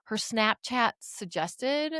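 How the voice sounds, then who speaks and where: A woman's voice: on the high side, animated, takes it slowly, sharp tone, no echo. A woman co-hosting a podcast, telling a story in casual chat, acting out the dialogue, swearing and laughing often. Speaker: podcast co-host.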